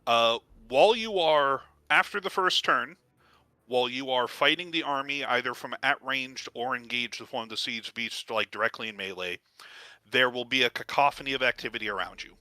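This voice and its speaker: A man's voice: mid-range voice, moderate pace, sharp tone, dry recording. A man acting as game master, explaining the rules to his players in a loose, conversational way with many "uh" fillers.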